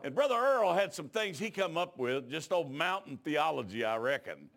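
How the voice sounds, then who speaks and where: A man preaching a revival sermon, telling folksy stories and building up to shouts. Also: fairly high pitch, sing-song, normal speed, gravelly. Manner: folksy rural talk that rises into shouting. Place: church.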